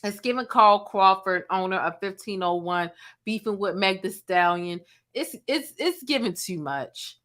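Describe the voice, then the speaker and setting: Woman commentator, bright voice, sassy slangy delivery, gossip breakdown. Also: medium pitch, animated, unhurried. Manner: sassy, slangy, mimics people she quotes. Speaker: blogger and commentator. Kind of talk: commentary vlog.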